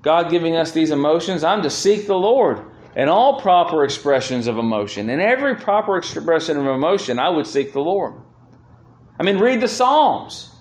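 A man's voice: a little high, very animated, moderate pace. A man preaching a sermon as pastor, speaking earnestly and swelling with feeling when he reads scripture aloud. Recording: roomy echo.

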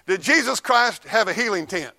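A preacher man delivers a fiery sermon in a high, bright voice. His pitch leaps around as he tells folksy stories. He drops to low asides, then climbs into loud shouts. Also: animated, normal speed, vocal fry. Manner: folksy storytelling, swings from mutters to shouts.

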